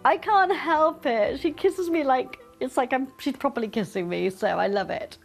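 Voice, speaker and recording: A woman dog owner speaking softly and candidly in an interview. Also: high-pitched, normal speed, creaky, soft background music.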